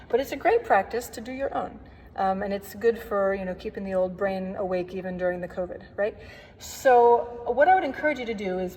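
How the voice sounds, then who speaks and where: A woman's voice: mid-range voice, a little mellow. A woman organist giving a recorded workshop lesson on hymn playing, explaining in a friendly, chatty way with playful asides. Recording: long reverb, faint background noise.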